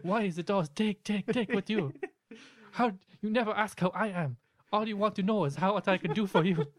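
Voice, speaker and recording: A man's voice: high voice, brisk, no echo, clean studio sound, pitched above the performer's own voice, lightly acted. Exasperated, nagging male spirit guide, a man doing a raised put-on voice. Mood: indignant scolding. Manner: indignant, scolding, repeats the name.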